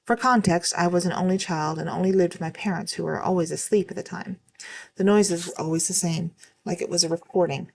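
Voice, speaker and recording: A woman reading online stories aloud as the host of her channel, at a steady, even pace with occasional slips. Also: lowish voice, fairly quick, vocal fry.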